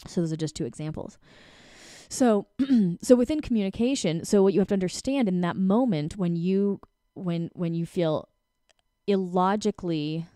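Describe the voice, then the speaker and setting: A woman in her forties giving casual relationship advice as a coach, talking in an animated way and breaking into quick acted-out voices. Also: lowish voice, smooth, dry recording, studio quality.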